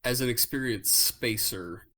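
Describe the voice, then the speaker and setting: A man's voice: mid-range voice, unhurried, bright, forceful tone. A man playing in a tabletop game, easygoing and rambling as he thinks aloud about his moves. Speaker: player. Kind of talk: casual tabletop game play.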